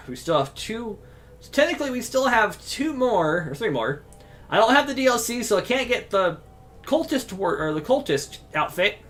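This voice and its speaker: A man's voice: high voice, very animated, moderate pace, a bit bright. A man streaming a video game in casual, rambling commentary, chatting to his cat between moves. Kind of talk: casual let's-play commentary.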